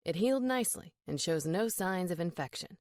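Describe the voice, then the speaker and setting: Casting note: a woman doing a genial older male doctor, calm and reassuring, lower voice. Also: a little fast, dry recording, clean studio sound, natural voice. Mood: calm, kind. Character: friendly middle-aged male doctor, joking.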